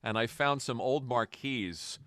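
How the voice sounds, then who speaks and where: A man's voice: medium pitch, unhurried, a bit bright, clear, resonant tone, dry recording, clean studio sound. A man co-hosting a podcast, asking eager, researched questions in casual chat. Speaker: podcast co-host.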